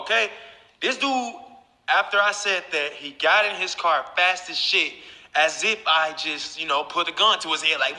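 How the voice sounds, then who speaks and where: Bright-voiced profane man, echoey room. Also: a little high, normal speed. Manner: profane, talks straight to viewers. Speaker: YouTuber. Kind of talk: casual storytelling to camera.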